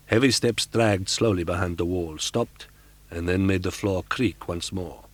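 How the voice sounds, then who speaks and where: A man narrating a classic novel in a measured, theatrical audiobook reading from an old cassette. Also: deep voice, dry recording. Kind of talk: scripted narration. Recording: dry 1980s cassette audiobook.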